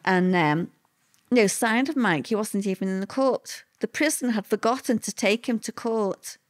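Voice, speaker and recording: An older woman, a guest recalling hard times in a halting, emotional way with many fillers. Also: mid-range voice. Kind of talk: personal interview recollection.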